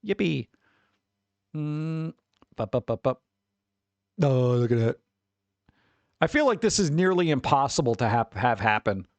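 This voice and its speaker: A young man streaming, chatting casually while reacting to pet pictures, animated and chuckling, sometimes putting on funny voices for the animals. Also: mid-range voice, unhurried, pauses often, no echo.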